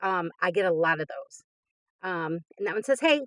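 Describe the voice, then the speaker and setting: A woman's voice: lowish voice, fairly even intonation, normal speed, fairly bright tone, no echo. A woman in her fifties hosting a crafting channel, gushing with enthusiasm as she opens happy mail in casual chat. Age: 50s. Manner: gushing and enthusiastic, frequent laughs.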